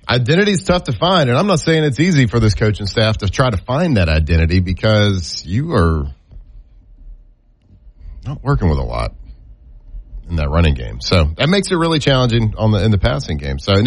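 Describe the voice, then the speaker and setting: A man giving football analysis in a measured, thoughtful way with wry asides. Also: on the low side, dry recording. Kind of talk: casual sports talk.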